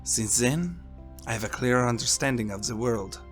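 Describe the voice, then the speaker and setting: Man doing a gentle French priest. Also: lively intonation, moderate pace, soft background music, natural voice. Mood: musing. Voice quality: warm and deep, soft-spoken. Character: priest, calm middle-aged man, gentle talker.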